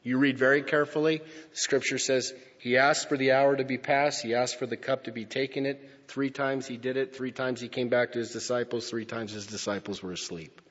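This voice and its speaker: A male pastor preaching a sermon, slow and emphatic, swinging from loud declarations to hushed near-whispers. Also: medium pitch, steady tone. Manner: slow, emphatic phrasing with pauses. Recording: lo-fi with long hall reverb.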